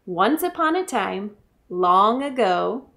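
A woman's voice: mid-range voice, very animated, slow, gravelly, fairly bright tone. A children's librarian, a woman, leading story time with songs in an upbeat, encouraging way.

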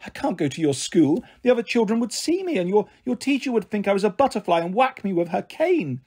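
A tiny, frail fairy speaks in a hoarse, husky voice pitched high above the reader's own, as a man puts her on. She is prim and old-fashioned, always plaintive and easily appalled. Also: sing-song, brisk, darkish tone, full character voice. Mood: horrified.

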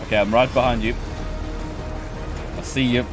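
A man's voice: mid-range voice, little pitch movement, normal speed, over music. Teasing man gaming with a friend. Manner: teasing, swearing, self-mocking. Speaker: gaming channel co-host. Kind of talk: casual gameplay banter.

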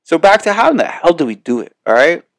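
A man's voice: on the high side, big pitch swings, quick pace, no room sound. A man hosting a podcast, giving a casual motivational monologue in a rambling, emphatic way full of swearing. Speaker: podcast host.

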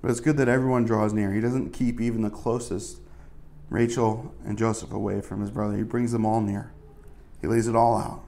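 A man's voice: fairly low pitch, flat delivery, fairly quick, creaky, warm tone. A male pastor giving a casual, conversational sermon, full of asides and fillers.

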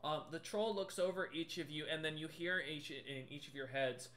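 A man running a tabletop role-playing game, narrating loosely with many fillers and restarts. His voice sits a little high and rings bright and forceful. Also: moderate pace, few pauses. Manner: casual, filler-heavy, rambling. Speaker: game master.

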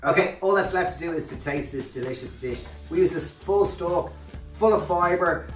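A man's voice: a little high, normal speed. A man talks through a recipe in an upbeat, chatty way as the host of a cooking show. His voice rings a bit in an echoey kitchen, with faint music playing under it. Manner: chatty, upbeat step-by-step narration. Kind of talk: cooking demonstration.

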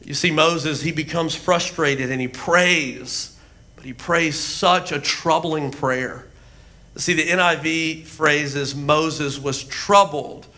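Man, pastor, animated sermon, high-pitched, bright voice, acts out the voices in his stories. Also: slow. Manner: animated storytelling, acting out voices. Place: church.

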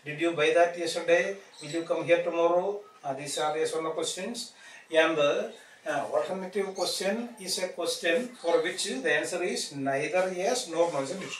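A man's voice: on the high side, normal speed. Echoey male teacher. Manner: explanatory, repeats tag "isn't it?" and fillers. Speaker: English teacher. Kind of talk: classroom grammar lesson. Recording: echoey room, distant mic, faint noise.

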